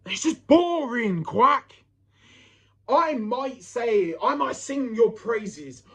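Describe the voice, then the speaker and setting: Sneering British man with a high voice. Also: expressive, takes it slowly, fairly bright tone, slightly rough. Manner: mocking, sneering, mimics opponents with quacking sounds. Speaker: fan wrestling promo performer. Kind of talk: wrestling trash-talk promo.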